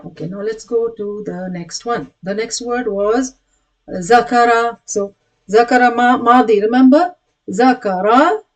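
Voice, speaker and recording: A woman teaching a recorded grammar lesson, patiently repeating words aloud and calling out each drilled word louder with hand gestures. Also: on the high side, rough recording. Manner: patient, repetitive, many restarts. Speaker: Quranic Arabic teacher.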